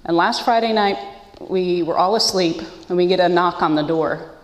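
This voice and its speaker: A woman's voice: on the low side, normal speed. Woman speaker, heartfelt personal share, choked up at times, recorded in a reverberant hall. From United States. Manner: earnest, emotional, with self-deprecating laughs. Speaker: speaker sharing her story at a support meeting. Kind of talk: personal testimony.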